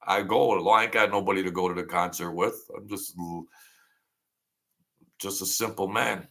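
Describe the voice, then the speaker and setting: A man's voice: low-pitched, steady tone, moderate pace, creaky, fairly bright tone. A man hosting a casual livestream, rambling as he greets viewers by name and answers their comments. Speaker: livestream host.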